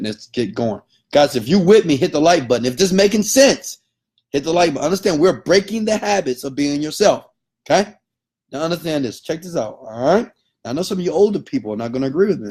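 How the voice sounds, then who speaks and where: A man's voice: medium pitch, a little mellow, breathy edge. A man giving an emphatic motivational lecture, often checking in with the audience. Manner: emphatic, keeps checking in with okay. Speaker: motivational speaker.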